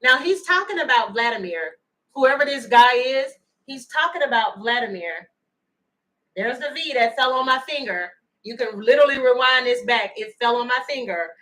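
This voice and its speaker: A woman giving a chatty, animated livestream tarot reading and thanking viewers by name. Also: a little high, moderate pace, poor audio. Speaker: tarot reader.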